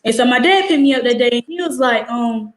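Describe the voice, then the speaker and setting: High school girl telling a story, acts out what people said, kinda high voice, echoey room. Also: a little fast. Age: teens. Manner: animated, acts out quoted dialogue, many "like" fillers. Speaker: high school student guest. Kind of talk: casual storytelling.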